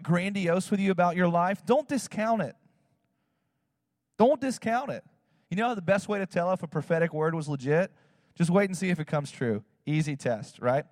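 A man, a pastor, telling a personal story in a sermon, animated and acting out what people said. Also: high-pitched, studio quality. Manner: animated, acts out quotes in other voices, fillers like "like" and "you know". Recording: long hall reverb.

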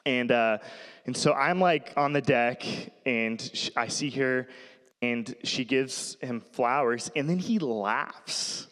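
A man's voice: medium pitch, takes it slowly, a bit bright. A man in his thirties giving a sermon, telling family stories in a casual, rambling way and laughing often. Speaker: pastor. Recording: long hall reverb.

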